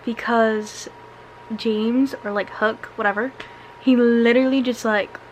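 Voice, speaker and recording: A woman's voice: mid-range voice, a bit bright, slight background noise, rough recording. A young woman chatting through a casual read-along book review, filler-heavy and full of sarcastic asides.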